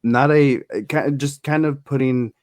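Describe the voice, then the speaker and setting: A man's voice: mid-range voice, measured pace, a little mellow, no room sound, clean studio sound. A man appearing as a guest in a casual review discussion, recapping scenes hesitantly with many fillers and restarts.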